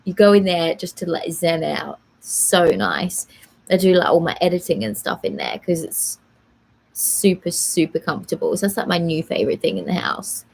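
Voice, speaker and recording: A woman's voice: lowish voice, big pitch swings, normal speed, vocal fry. A young woman at home hosting a casual live Q&A, chatting in a rambling way with many fillers. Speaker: live stream host answering viewer questions.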